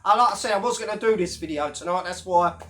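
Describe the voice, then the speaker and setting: A man's voice: sits high, fast, a bit bright, a little hiss or hum. Brash, sweary man ranting. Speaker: YouTube commentator. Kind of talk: casual ranting monologue.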